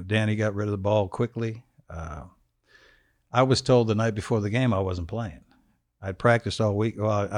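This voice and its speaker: Speaking in a lowish, darkish voice with no echo, this studio guest is a man in his sixties who once played quarterback. He tells casual stories in a laid-back, wry way, drifting off into lengthy anecdotes.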